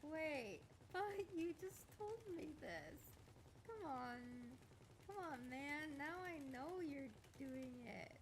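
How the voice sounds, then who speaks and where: A woman livestreaming a game, chatting casually and teasing as she goes. Her voice sits high and swings widely, and her speech is unhurried and drawn out. A faint noise hums behind her. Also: sing-song. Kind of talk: casual chat while gaming.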